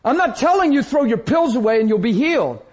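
A male preacher telling a personal testimony in a sermon, animated storytelling that acts out the scenes. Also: very high voice, fairly quick, slightly rough. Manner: animated storytelling, acting out his own crying.

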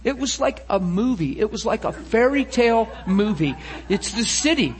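A man preaching a sermon testimony, telling a story with emotion and swinging from loud bursts to hushed passages. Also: high-pitched, very animated, moderate pace.

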